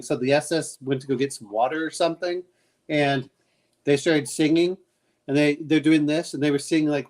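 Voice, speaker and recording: Casual male storyteller, halting delivery, slightly raised pitch. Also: fairly even intonation, a little mellow. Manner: rambling storyteller, halting with fillers. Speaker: game master. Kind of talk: casual chat.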